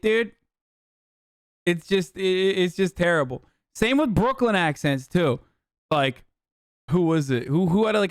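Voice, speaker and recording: A male streamer rants at his chat in heated, profane bursts, blunt and mocking. His voice is smooth and resonant, fairly high for a man, and recorded close and dry with no room sound. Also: fairly bright tone, no room sound. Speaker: streamer host. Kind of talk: profane live-stream commentary.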